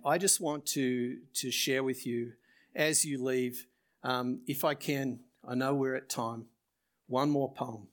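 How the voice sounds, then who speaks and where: A male pastor closing his sermon, reciting a rhyming poem slowly and earnestly, then leading a prayer. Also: medium pitch.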